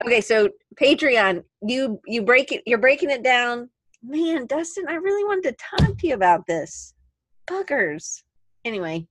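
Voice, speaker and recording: A woman hosting a casual podcast interview, offering opinions and quick asides. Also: on the high side, sing-song, fairly bright tone, no room sound. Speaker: podcast host.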